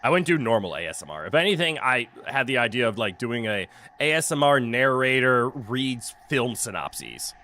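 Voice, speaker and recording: A man chatting while he streams a game, his voice bright and sharp-edged and bouncing all over his range. He cracks jokes, swears freely and laughs often. He speaks into a desk mic with a noise canceller. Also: medium pitch, big pitch swings, moderate pace. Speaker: streamer playing a video game. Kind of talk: casual live-stream commentary.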